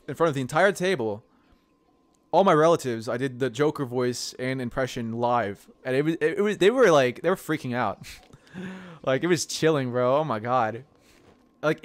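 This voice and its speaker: A man casually chatting on a gaming stream, excitable and laughing often. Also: medium pitch.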